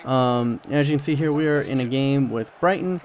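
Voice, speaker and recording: A man's voice: mid-range voice, normal speed, a little mellow. Casual young male gameplay commentator. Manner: rambling, many fillers and restarts. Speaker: gaming channel host.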